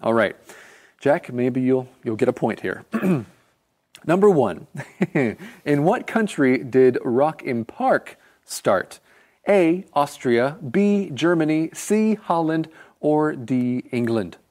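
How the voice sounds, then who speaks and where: Male lesson co-host, playful, clear quiz-reading delivery. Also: on the high side, big pitch swings, slow, a little mellow. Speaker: co-host of an English lesson show. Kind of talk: scripted English lesson and quiz hosting.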